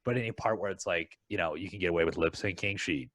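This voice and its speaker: A man's voice: low-pitched, fast talker, fairly bright tone, dry recording. A man co-hosting a film podcast in casual chat, talking hesitantly with plenty of ums and likes. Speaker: podcast co-host.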